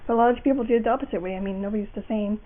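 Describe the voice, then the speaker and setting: A young voice acting tutorial maker talks rapid-fire at medium pitch, recorded on a tinny, lo-fi home microphone. Her casual how-to rambles along with fillers and frequent restarts.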